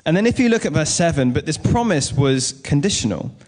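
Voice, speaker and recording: A man's voice: a little high, big pitch swings, a little fast, darkish tone. Male pastor, easygoing sermon delivery, chatty asides and anecdotes. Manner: conversational, with personal stories and asides.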